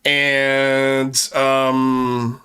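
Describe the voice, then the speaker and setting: A man's voice: medium pitch, monotone, drawn-out words, sharp tone, clear, resonant tone. A man hosting a commentary channel, speaking in sarcastic, mocking asides with exaggerated exclamations. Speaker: channel host.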